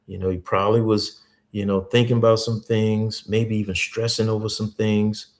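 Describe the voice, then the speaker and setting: Low-voiced man teaching. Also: little pitch movement. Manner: repeats key points slowly, earnest. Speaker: host. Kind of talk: teaching talk with faith stories.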